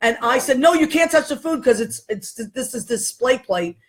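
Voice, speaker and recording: A woman from Boston hosting a casual chat show, effusive and quick to laugh. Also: high voice, animated. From Boston, Massachusetts. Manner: chatty, effusive, laughs often. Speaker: host.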